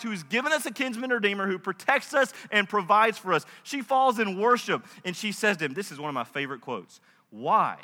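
A man's voice: sits high, sharp tone, long reverb tail. A male pastor preaching a sermon in a conversational, emphatic way, with casual asides.

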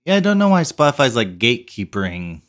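A man's voice: mid-range voice, big pitch swings, fast talker. Rambling playful male podcast host. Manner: playful, rambling, many fillers and restarts. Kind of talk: casual podcast chat.

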